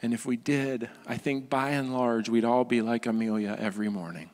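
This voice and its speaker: A man's voice: medium pitch, fairly even intonation, moderate pace, hardly any pauses, a little mellow, long reverb tail. A male pastor preaching a sermon, emphatic, often asking the congregation rhetorical questions. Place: church sanctuary.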